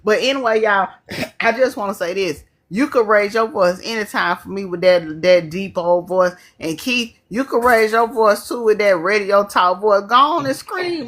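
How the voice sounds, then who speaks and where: Animated woman sharing life advice. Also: medium pitch, normal speed. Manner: animated, preachy, repeats herself. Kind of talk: casual group chat.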